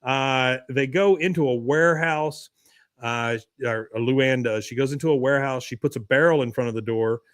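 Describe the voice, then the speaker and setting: A man's voice: medium pitch, normal speed, clear, resonant tone, no echo, clean studio sound. A man hosting a podcast, recapping a cartoon episode in a wry, chatty way. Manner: wry, chatty storytelling with fillers. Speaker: podcast host.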